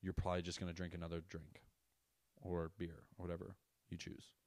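A man's voice: low voice, monotone, a little fast, darkish tone, dry recording. A man hosting a podcast, talking casually about being a parent and ranting in an exasperated, profane way. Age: adult parent. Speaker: podcast host. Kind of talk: casual monologue.

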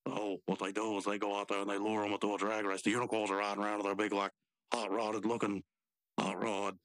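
A man's voice: on the low side, flat delivery, fast talker, a bit bright, smooth, no room sound. A man co-hosting a podcast, retelling a cartoon episode in loose, rambling storytelling full of asides. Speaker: podcast co-host. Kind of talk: casual chat recapping a cartoon.

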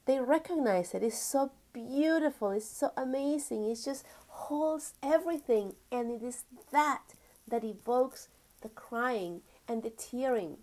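Woman, spiritual teaching talk, unhurried, higher voice, earnest, stretched-out emphasis. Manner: gentle and earnest, stretches key words, sometimes drops to a whisper. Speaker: spiritual teacher and energy healer.

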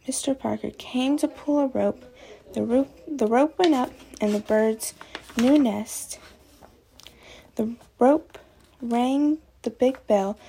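A woman reading a children's story aloud in a slow, deliberate storybook cadence. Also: on the high side, vocal fry, mellow, slight background noise. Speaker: story reader.

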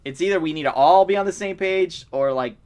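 A young man co-hosting a movie podcast, talking in a fairly high voice. He rants with energy, laughs often and keeps circling back to his point. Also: brisk, smooth. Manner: ranting, animated, laughs often. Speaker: podcast co-host. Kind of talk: casual movie-review chat.

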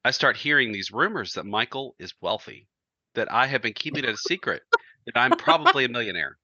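A man's voice: medium pitch, wildly swooping pitch, fairly quick, sharp tone, dry recording, muffled recording. A man co-hosting a podcast, telling a story in casual chat and laughing through his words. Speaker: podcast co-host.

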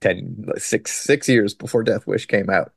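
A man on a podcast, recapping a movie in casual, joking chat and tossing in quick mock quotes. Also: lowish voice, vocal fry, slightly rough, no room sound, clean studio sound. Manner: joking, sarcastic, quotes scenes in quick put-on lines. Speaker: podcast co-host.

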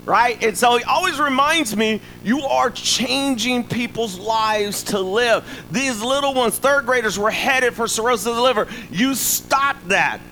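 A man delivers a sermon in a high, bright voice. He talks in an animated, humorous way, throwing asides to the congregation, with faint noise in the background. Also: measured pace, few pauses, low-quality recording. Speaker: preacher.

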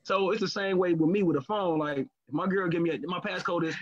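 A man's voice: high-pitched, brisk. Candid, profane man, muffled lo-fi sound. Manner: candid, profane, animated storytelling. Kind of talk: casual chat. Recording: lo-fi muffled recording.

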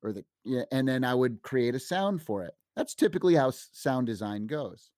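A man in his fifties, a sound designer being interviewed, telling animated stories and acting out what others said. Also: mid-range voice, moderate pace, no echo, studio quality. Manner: animated anecdotes, acts out quoted dialogue. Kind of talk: casual interview storytelling.

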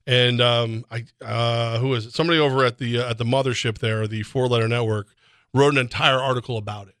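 A man co-hosting sports radio in a chatty, rambling way, with quick laughing asides. His voice is bright and forward, and it sits in a tight, dry studio with no room sound. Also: medium pitch, steady tone, no room sound. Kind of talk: casual sports radio talk. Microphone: studio microphone.

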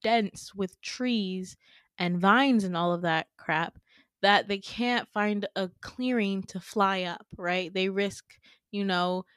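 A woman retelling a dream story in a loose, chatty way, full of fillers. Her voice sits at an ordinary pitch and sounds close and dry. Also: slow pace, fairly bright tone, clean tone, dry recording. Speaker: podcast host.

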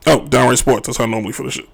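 Gravelly, joking sports radio host. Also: male voice, mid-range voice, racing. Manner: animated, joking, ranting opinions. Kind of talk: sports talk radio commentary.

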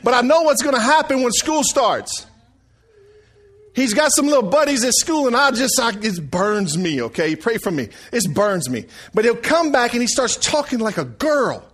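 A man's voice: extremely high pitch, very animated, moderate pace, fairly bright tone. A middle-aged man preaching a sermon, telling folksy family stories and calling out for the congregation's response. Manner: folksy storytelling, calls for response.

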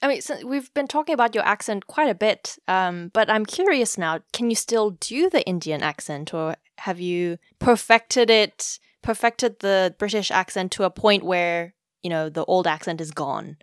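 Brief: woman podcast host, smooth clear voice, curious and encouraging, dry close mic. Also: mid-range voice, moderate pace, few pauses, no room sound. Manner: curious, encouraging with short backchannels. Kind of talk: casual interview talk.

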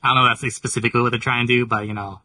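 Hedging man from California, bright-toned. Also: medium pitch, steady tone, rapid-fire, slight background noise. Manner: thoughtful, hedging, lots of "like" and "you know". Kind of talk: casual chat.

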